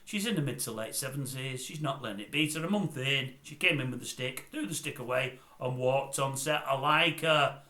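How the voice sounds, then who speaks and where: A man's voice: medium pitch, normal speed, sharp tone. Man, middle-aged, grumpy, sarcastic, rambling comic gossip, roomy echo. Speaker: comic host. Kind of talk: comedic celebrity gossip monologue.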